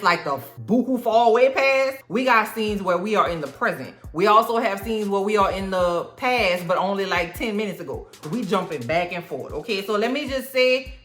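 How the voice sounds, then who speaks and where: A woman's voice: medium pitch, echoey room. A woman, chatting casually and animatedly through a TV episode recap. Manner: chatty, animated, quick asides. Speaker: TV recap vlogger.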